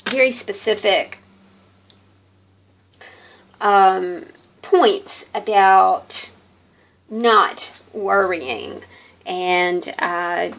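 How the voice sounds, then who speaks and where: Slow, rambling middle-aged woman crafter. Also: mid-range voice, gravelly, a bit bright, a little hiss or hum, poor audio. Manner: rambling, hesitant, many pauses and fillers. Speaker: craft vlogger. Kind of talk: casual chat while crafting.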